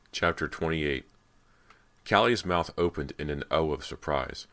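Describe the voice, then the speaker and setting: A man's voice: very deep voice, unhurried, fairly bright tone. A man narrating a horror audiobook in a dramatic storytelling manner. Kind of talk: scripted narration.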